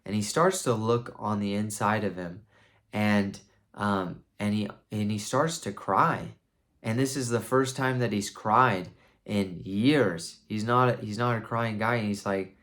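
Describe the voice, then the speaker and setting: Enthusiastic low-voiced man reviewing a book. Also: steady tone, a little slow, fairly bright tone. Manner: enthusiastic, rambling with restarts. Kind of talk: casual book review retelling.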